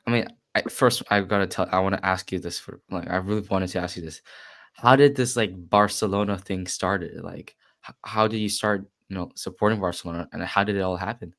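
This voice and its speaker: A man's voice: deep voice, fairly even intonation, a little fast, a bit bright. A teenage man hosting a casual podcast interview, chatty and full of fillers, talking with a voice he says he has lost. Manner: chatty, filler-heavy, upbeat welcomes. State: lost his voice. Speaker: podcast host.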